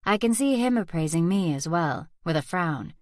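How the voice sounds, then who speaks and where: A woman reading a first-person thriller audiobook aloud as narrator in a soft, steady whispered role-play. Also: on the low side, normal speed, no echo, clean studio sound. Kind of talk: scripted narration.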